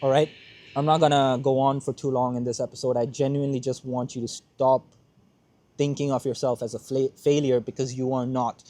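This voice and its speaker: A man's voice: medium pitch, flat delivery, fairly quick, warm tone. A young man hosting a motivational podcast, speaking earnestly in a heartfelt monologue and repeating his points for emphasis. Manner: earnest, repeats himself for emphasis, close to tears at times.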